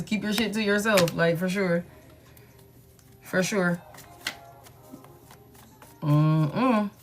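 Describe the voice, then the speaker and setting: A woman giving a casual tarot reading in a blunt, repetitive, slangy way, often saying "you know what I'm saying,". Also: fairly low pitch. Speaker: tarot reader.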